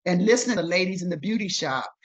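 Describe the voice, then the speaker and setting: A woman's voice: fairly low pitch, rapid-fire, poor audio. An older woman, a guest in an interview, telling her life story emphatically and acting out what others said. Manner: emphatic, animated retelling with voiced quotes. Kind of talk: storytelling in conversation.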